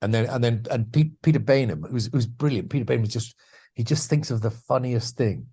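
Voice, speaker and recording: A man's voice: mid-range voice, a little fast, dark tone, breathy edge. A man guesting on a podcast, telling anecdotes about his career in a chatty, self-deprecating way with lots of restarts. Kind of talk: anecdotal interview storytelling.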